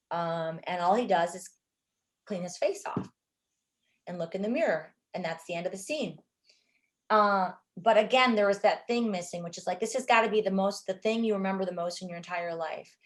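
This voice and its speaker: A middle-aged woman filmmaker, telling stories from a shoot in an interview, animated and quick to act out what people said. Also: mid-range voice. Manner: animated, acts out quotes, many fillers. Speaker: filmmaker guest. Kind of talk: interview storytelling.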